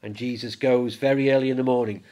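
A man preaching a sermon in church, lively and conversational, raising his voice when he acts out the disciples. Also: medium pitch, quick pace. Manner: animated, acts out the disciples in a raised voice.

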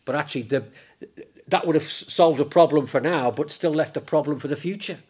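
A man preaching a sermon in church, lively and conversational, raising his voice when he acts out the disciples. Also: a little high, fairly quick, husky. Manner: animated, acts out the disciples in a raised voice.

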